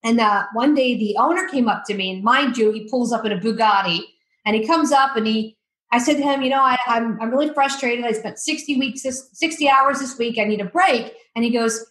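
A woman guest telling lively stories in a podcast interview, acting out the quotes. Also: on the high side, fairly quick, reverberant, rough recording. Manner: lively storyteller, acts out quotes. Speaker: guest, addiction coach.

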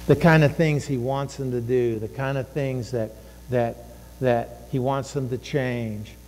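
A man's voice: on the high side, warm tone, in a large hall, low-quality recording. A man preaching a sermon as pastor, impassioned and repetitive, acting out the inner voices he describes. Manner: impassioned, acts out inner voices, repeats phrases. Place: church sanctuary.

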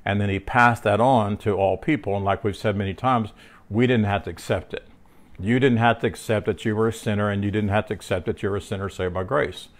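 A man with a somewhat low voice teaches scripture in a loose, conversational way. He stumbles and restarts his sentences often, wanders into personal anecdotes and keeps asking his listener for agreement. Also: fairly even intonation, a little fast. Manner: rambling, frequent restarts and filler words; tells personal stories mid-teaching. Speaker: Bible teacher.

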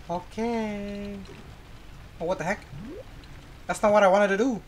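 An excitable gamer chatters through casual gameplay commentary, teasing a friend in a playful, mid-pitched voice. A faint hiss sits under the recording. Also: measured pace, long pauses.

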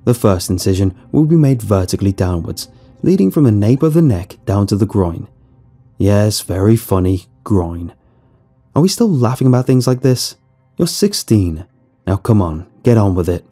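A man's voice: on the low side, big pitch swings, normal speed, warm tone, husky, faint music behind, exaggerated voice. A man voicing a sarcastic male schoolteacher who scolds his class in a dry, commanding way. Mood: scolding.

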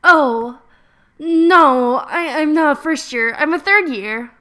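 A woman's voice: high voice, slow, bright, forceful tone, exaggerated voice. A woman voicing a shy, awkward schoolgirl who talks in hesitant, stumbling bursts. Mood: flustered.

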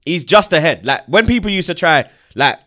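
A young man hosting a casual football chat, animated and slangy, swearing and laughing a lot. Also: a little high, moderate pace, dry recording, studio quality. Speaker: football channel host.

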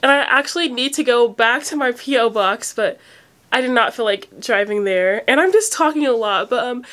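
Young woman, high-pitched, unedited phone vlog, teary and rambling, filler-heavy. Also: normal speed, a bit bright. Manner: rambling, emotional, near tears, many "like" fillers. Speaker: vlogger opening fan mail.

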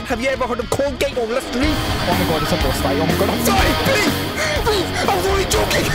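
A gamer giving loud commentary, swinging between yelling, swearing and joking at the enemies on screen. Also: high-pitched.

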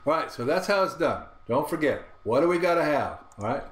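A man's voice: on the high side, lively intonation, fairly quick. A man giving a trading lesson over a chart, often checking in with rhetorical questions and repeating his phrases. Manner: repetitive, asks rhetorical "right?" checks. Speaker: trading instructor. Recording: roomy echo.

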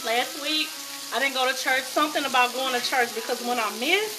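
A woman with a Southern US accent chatting excitedly to viewers while she cooks in her home kitchen. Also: high voice, fairly quick. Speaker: home cooking vlogger. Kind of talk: casual cooking chat to viewers. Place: home kitchen with food sizzling. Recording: noisy kitchen background.

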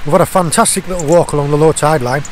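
A man's voice: fairly high pitch, fast talker, slight background noise. A man hosting a casual outdoor vlog, talking chattily into an action camera on a beach. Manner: chatty, upbeat sign-off. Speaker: channel host. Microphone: action camera mic.

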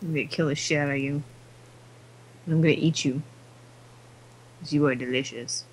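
A woman's voice: low voice, fairly even intonation, normal speed, slight background noise, rough recording. An exhausted woman gamer chatting to herself during late-night gameplay, giggling as she goes. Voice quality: giggly, talks to herself and the game. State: exhausted, sleepy.

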